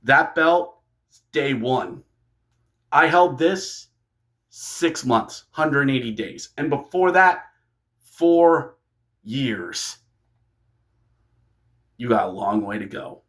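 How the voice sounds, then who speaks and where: A man voicing a domineering male wrestling chieftain in a low, menacing mafia-like voice. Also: expressive, drawn-out words, long pauses, fairly bright tone.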